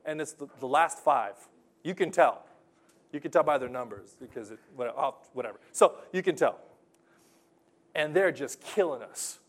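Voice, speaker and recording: A man preaching a sermon, telling a story with lively swings between loud, punchy lines and hushed, earnest ones. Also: mid-range voice, moderate pace. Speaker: pastor.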